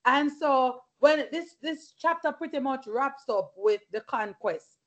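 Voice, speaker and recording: High-pitched with lively intonation, a woman keeps a measured pace while leading a Bible study as a passionate sermon with personal testimony. She erupts in hallelujahs and praise between points, recorded in lo-fi.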